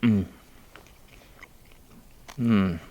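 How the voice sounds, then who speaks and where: A man's voice: lowish voice, drawn-out words, mellow, muffled recording. Man chatting with his mouth full. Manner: talks with his mouth full, laughs often. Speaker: channel host. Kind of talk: casual chat while eating. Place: outdoors on a frozen lake in winter.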